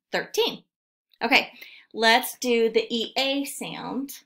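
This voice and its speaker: A woman's voice: fairly high pitch, takes it slowly, vocal fry, fairly bright tone. A woman teaching a remote phonics lesson to second graders, patiently sounding out words syllable by syllable.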